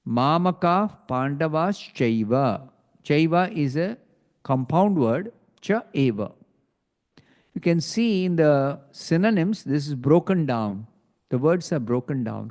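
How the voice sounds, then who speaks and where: A man giving a scripture class, explaining slowly and deliberately, often pausing to check with a "hmm?". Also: mid-range voice, a little mellow. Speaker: teacher of scripture. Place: temple hall. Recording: long hall reverb.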